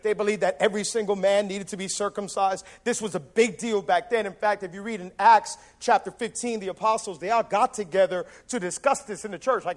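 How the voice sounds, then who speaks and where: A man with a high, light voice preaches a sermon in an easy, conversational way. He talks casually and with lots of energy, and he acts out quoted lines as he goes. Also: steady tone, a little fast, hardly any pauses. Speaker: pastor.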